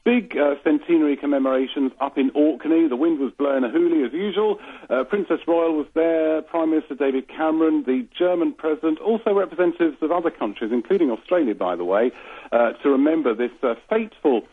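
A man reporting the news to a radio host, measured and pausing with frequent fillers. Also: on the high side, husky. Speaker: radio correspondent. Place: London. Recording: tinny phone line.

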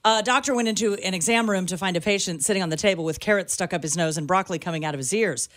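A woman's voice: lowish voice, very fast, a bit bright. A woman co-hosting a morning radio show, trading corny jokes and laughing easily in the studio. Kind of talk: joke-telling morning radio banter. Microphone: studio microphone.

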